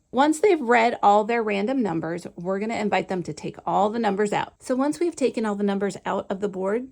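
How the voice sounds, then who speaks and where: Gravelly woman teaching a lesson. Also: mid-range voice, a little mellow. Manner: patient, step-by-step explaining. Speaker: Montessori teacher. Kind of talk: instructional demonstration.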